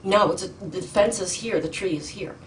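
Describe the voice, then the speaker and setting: A middle-aged woman testifying in a courtroom, urgent and indignant, halting with ums and restarts. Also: mid-range voice. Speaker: petitioner in court. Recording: distant mic with faint noise.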